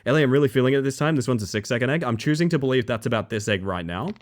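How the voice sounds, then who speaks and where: Animated man streaming games. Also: very fast. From Western Australia. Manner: animated, jumps between nervous mumbling and high excited outbursts. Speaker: livestreamer. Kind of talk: casual livestream chat.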